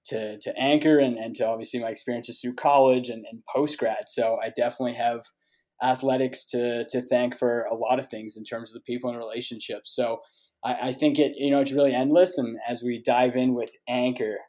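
A young man from Canada answers as a podcast guest, his voice mid-pitched and ordinary. He talks in a friendly, rambling way, often restarting and repeating words. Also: flat delivery, a little fast, a little mellow. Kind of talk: casual interview talk.

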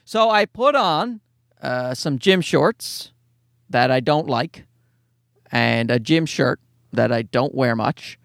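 A middle-aged Canadian stand-up comedian with a nasal Newfoundland accent, rambling through a profane, self-mocking monologue. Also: male voice, mid-range voice, expressive, takes it slowly, vocal fry, fairly bright tone, no room sound, clean studio sound. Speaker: stand-up comedian and podcast host. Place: parked car.

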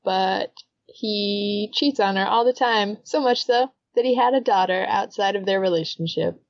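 A woman's voice: medium pitch, moderate pace, no echo, lo-fi sound. A woman co-hosting a podcast, chatting casually and recapping a story at length, laughing often. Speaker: podcast co-host. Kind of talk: casual chat.

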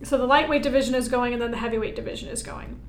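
An interview guest who is a military veteran and Paralympic-style powerlifter tells her story in conversation, animated and emphatic, often checking in with "right?". Her fairly high voice comes rapid-fire, and the recording has a roomy echo plus a little hiss or hum.

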